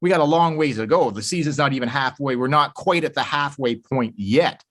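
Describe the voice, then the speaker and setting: A man's voice: mid-range voice, a little fast. A man co-hosting a podcast, chatting casually and ranting with a lot of swearing. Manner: profane, ranting, animated. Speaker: podcast co-host. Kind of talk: casual sports chat.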